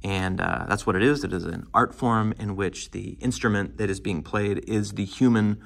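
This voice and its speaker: A man's voice: fairly low pitch, normal speed, gravelly. A man teaching a lecture on poetry, talking loosely with many fillers and restarts.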